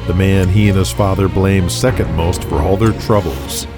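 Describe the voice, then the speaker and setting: Narrador de voz muito grave. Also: male voice, sits low, steady tone, normal speed. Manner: describes actions in present tense. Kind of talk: scripted narration. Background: music.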